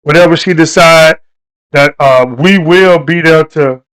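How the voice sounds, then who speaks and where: Brief: male live stream host, higher-pitched voice, loose and preachy. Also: measured pace, fairly bright tone, clean tone, poor audio. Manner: loose, repetitive, preachy delivery addressing viewers. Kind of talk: casual live stream talk.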